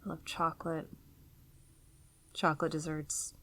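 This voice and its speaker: A woman's voice: low-pitched, flat delivery, unhurried, a bit bright, a little hiss or hum. A woman artist from the United States talking in a casual interview, musing and hesitant, trailing off as she thinks. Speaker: guest artist.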